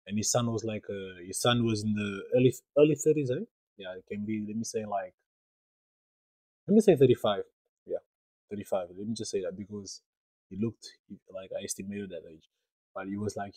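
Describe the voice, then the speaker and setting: Young man, podcast host, earnest storytelling, repeats phrases, mellow tone, dry sound. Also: on the low side, steady tone, brisk, no room sound, low-quality recording. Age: young adult. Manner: earnest, repetitive, uses many fillers. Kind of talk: storytelling monologue.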